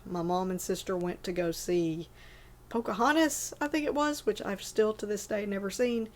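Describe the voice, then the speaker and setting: A woman in her forties casually rambling about favorite movies, full of fillers and self-corrections. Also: medium pitch. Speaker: movie list vlogger.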